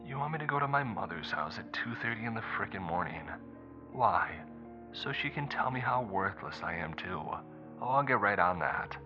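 A man's voice: lowish voice, expressive, moderate pace, dull audio, over music, pitched above the performer's own voice, lightly acted. A man voicing an irritable, groggy woman who snaps sarcastic answers in a horror story reading. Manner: sarcastic, snapping. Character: irritable, groggy woman, sharp-tongued wife.

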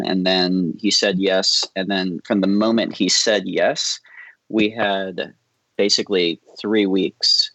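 Low gravelly guy rambling casually on a podcast, dry close sound. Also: dry recording, poor audio. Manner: relaxed, rambling, laughs often. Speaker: film director guest.

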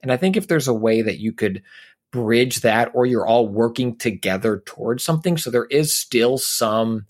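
A man's voice: mid-range voice, expressive, moderate pace. Thoughtful man co-hosting a podcast. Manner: thoughtful, thinking aloud. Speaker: podcast co-host. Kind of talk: casual chat.

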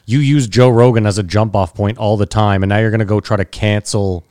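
A man on a podcast chimes in with short, opinionated remarks. His voice sits low. The sound is dry, with no room echo. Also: fairly even intonation, a little fast, darkish tone. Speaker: podcast co-host. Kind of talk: casual chat.

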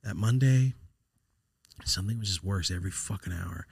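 A man hosting a podcast, telling a personal story in a raw, profane, halting way, his voice sometimes sinking almost to a whisper. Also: deep voice, gravelly, a little mellow, husky, no echo, studio quality. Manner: raw, profane, halting, drops to a near-whisper when upset. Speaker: podcast host. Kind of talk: casual storytelling.

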